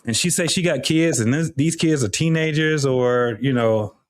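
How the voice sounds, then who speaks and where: A man's voice: medium pitch, normal speed, dry recording, clean studio sound. A middle-aged man hosting a live talk show, speaking bluntly and casually with frequent profanity. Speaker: host.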